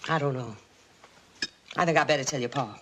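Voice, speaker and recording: An actress playing an insinuating, scolding middle-aged aunt, in 1950s TV drama style. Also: female voice, extremely low pitch, brisk, a bit bright. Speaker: aunt Mildred. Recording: hissy old TV soundtrack.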